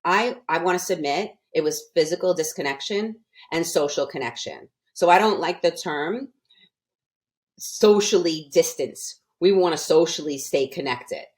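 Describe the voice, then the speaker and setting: Older female podcast guest, low-pitched, earnest and emphatic. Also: measured pace. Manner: earnest, emphatic, with frequent restarts. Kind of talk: casual podcast conversation.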